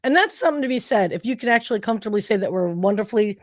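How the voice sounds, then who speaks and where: A woman co-hosts a casual talk show, joking around and tossing in slang as she talks. Her voice sits in a middle pitch, and the recording is dry and close, with no room echo. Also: animated, very fast. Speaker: co-host. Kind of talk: casual chat.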